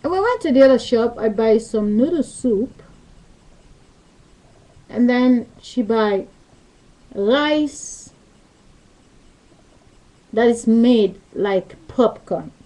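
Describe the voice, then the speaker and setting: A woman's voice: a little high, lively intonation, slow, long pauses, warm tone, rough recording. A woman telling a rambling story into her webcam in loose, non-native English grammar. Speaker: vlogger. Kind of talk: casual storytelling monologue. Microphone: webcam mic.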